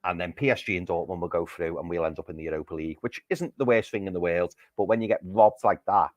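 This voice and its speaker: Deep-voiced and quick, this man co-hosts a football podcast and is livid after a match, venting on a livestream from his living room. He swears and says things over and over for emphasis in this heated fan chat, with no room sound on the recording.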